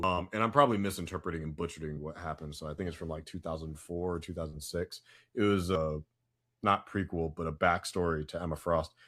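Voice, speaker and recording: A man co-hosting a casual pop-culture podcast, chatty and prone to loud bursts of hype. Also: low-pitched. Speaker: podcast co-host.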